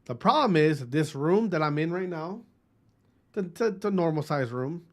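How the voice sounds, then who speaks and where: At a moderate pace with a fairly high, expressive voice, a Wisconsin streamer in his thirties chats with his live audience. The talk is casual and profane, and he greets viewers individually by name, showing his Midwest background.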